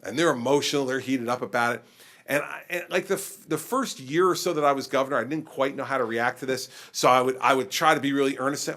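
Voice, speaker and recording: A middle-aged man who is a governor, answering a question at a public forum in an animated, conversational way. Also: medium pitch, fast talker. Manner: animated, conversational, acts out exchanges with people.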